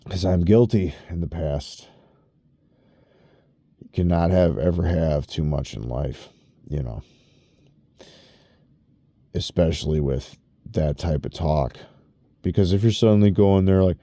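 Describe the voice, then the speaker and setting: A man's voice: low voice, measured pace, long pauses, mellow, dry recording, studio quality. A man rambling and ranting in a personal vlog, swearing often and breaking off his own sentences. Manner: rambling, profane, self-interrupting. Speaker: vlogger.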